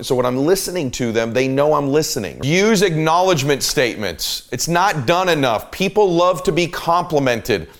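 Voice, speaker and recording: A man's voice: a little high, expressive, normal speed, hardly any pauses. A man hosting a podcast, giving a motivational teaching monologue in an emphatic, repetitive coaching manner. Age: adult parent. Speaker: podcast host and sales coach.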